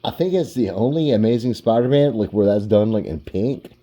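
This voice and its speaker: A man hosting a casual collection vlog, relaxed and rambling, with lots of "like". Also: on the low side, a little fast. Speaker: comic book collector.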